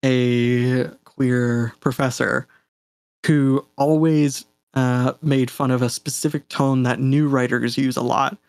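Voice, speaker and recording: A Canadian-accented game designer joins a casual fireside chat as a guest, speaking in a mid-range, clean-toned voice on a dry recording. He's easygoing and chatty, laughing often and using many fillers and restarts.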